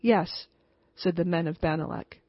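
Husky-voiced woman reading a story. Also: fairly low pitch, normal speed, no echo. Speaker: audiobook reader. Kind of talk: audiobook narration. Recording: dull lo-fi home recording.

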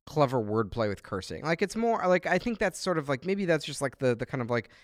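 A man's voice: fairly high pitch, sing-song, brisk, no room sound, studio quality. A man co-hosting a podcast in casual chat, rambling with many fillers. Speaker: podcast co-host.

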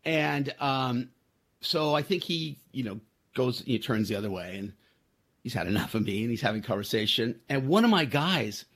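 A man's voice: mid-range voice, lively intonation, normal speed, a bit bright, slightly rough. A man in his sixties hosting a podcast, telling a story in a rambling, self-deprecating way, with many fillers and restarts. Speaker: podcast host. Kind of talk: casual storytelling.

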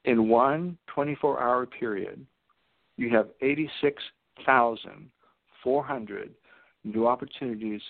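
A man's voice: medium pitch, gravelly, no echo. A man telling stories as a radio guest, acting out the people in them. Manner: anecdotal, acts out the people in his stories. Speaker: radio guest, seminar teacher. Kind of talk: storytelling on a radio call-in. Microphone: telephone. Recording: tinny phone line, dry.

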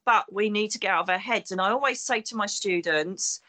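A woman with a mid-range voice talks briskly, in a bright, forceful tone. She's a psychic medium and former detective speaking emphatically in an interview, acting out the voices of the people she quotes.

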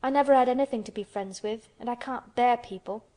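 A woman voicing a sickly, excitable young boy in a storybook reading, eager and high-strung. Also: fairly quick, natural voice. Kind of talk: storybook character voice.

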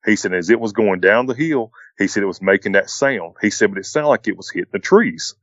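Very deep middle-aged man telling a rambling story, dull dry recording. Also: expressive, fairly quick, a bit bright, dry recording. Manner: rambling, repeats "he said" and "I said". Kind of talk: casual spoken retelling of a strange encounter.

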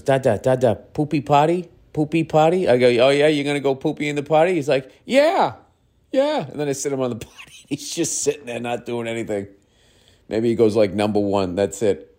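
A man's voice: low voice, mellow. A middle-aged man telling family stories in a rambling, profane, casual way, often breaking off mid-sentence. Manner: rambling, profane, self-interrupting. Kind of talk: casual storytelling.

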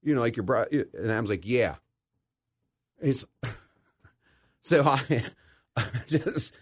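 A middle-aged man hosting a casual interview, telling stories with animated quoted voices. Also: mid-range voice. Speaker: podcast host.

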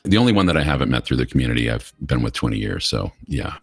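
Middle-aged American man, extremely low voice, candid chatty storytelling, podcast guest. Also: big pitch swings, fast, husky. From United States. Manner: candid, chatty, acts out quoted dialogue. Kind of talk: casual interview storytelling.

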